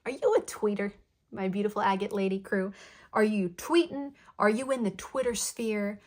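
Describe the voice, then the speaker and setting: A woman gives a tarot reading in a soft, affectionate tone, speaking straight to the listener. She is playful and warm in her wording and says her affirmations twice over. Her voice sits at an ordinary middle pitch. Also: moderate pace. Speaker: tarot card reader. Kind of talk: spoken tarot reading to viewers.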